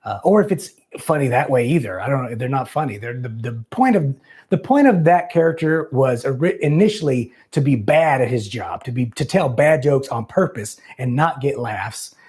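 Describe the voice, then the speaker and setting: A man's voice: mid-range voice, lively intonation, normal speed, darkish tone. Rambling self-mocking male call-in host. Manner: rambling, self-deprecating, loose and profane. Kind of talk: live call-in show chat.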